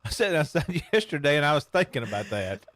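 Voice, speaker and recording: Male co-host, slightly high voice, dry close sound, jokey and laughing. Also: sing-song, quick pace, a bit bright, no room sound. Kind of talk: casual sports radio chat.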